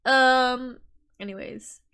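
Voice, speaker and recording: A woman's voice: sits high, fairly even intonation, takes it slowly, pushed and bright, clear, resonant tone. A young adult woman co-hosting a podcast in casual chat, rambling with many restarts and a giggly manner. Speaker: podcast co-host.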